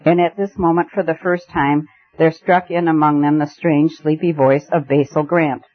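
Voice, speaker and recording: A man narrating a classic story as an audiobook reader, measured and expressive. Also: on the high side. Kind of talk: scripted narration. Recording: tinny phone-like band, dry.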